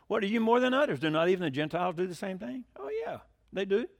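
Emphatic high-pitched preacher. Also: male voice, lively intonation, fast. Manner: emphatic, swings between loud declarations and quiet asides; conversational, asks the congregation questions. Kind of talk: sermon.

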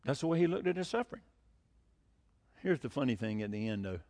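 A man preaching a sermon as pastor, animated, asking rhetorical questions and chuckling between points. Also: mid-range voice, quick pace.

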